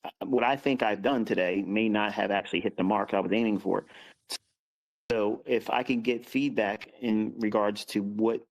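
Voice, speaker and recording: A man presenting in an online audio chat, asking for feedback in a measured, self-questioning way. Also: on the low side, vocal fry, rough recording.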